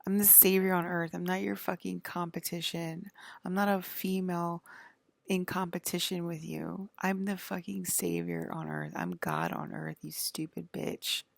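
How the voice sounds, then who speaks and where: A woman's voice: on the low side, expressive, a little slow, gravelly, no room sound. A woman vlogger in a rambling, profane, indignant monologue.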